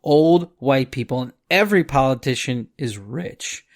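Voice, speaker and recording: A man co-hosting a podcast, ranting casually and swearing as he gets animated. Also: medium pitch, unhurried. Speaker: podcast co-host. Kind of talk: late-night casual rant.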